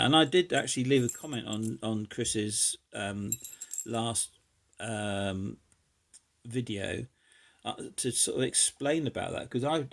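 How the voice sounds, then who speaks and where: Gravelly-voiced man, lockpicking hobbyist, halting and musing, fillers throughout. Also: mid-range voice. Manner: hesitant, thinking aloud with many fillers. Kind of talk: casual demonstration while picking a lock.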